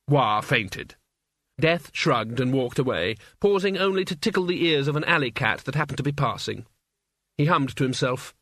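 A man reading a novel aloud as narrator, with an even, wry storytelling manner. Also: mid-range voice, moderate pace, no room sound, clean studio sound. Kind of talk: audiobook narration.

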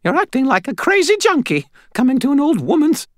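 A man voicing a feisty, squeaky little old woman in an audiobook, querulous and scolding. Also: very animated, fairly quick, no echo, studio quality. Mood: indignant. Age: older. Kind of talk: audiobook narration.

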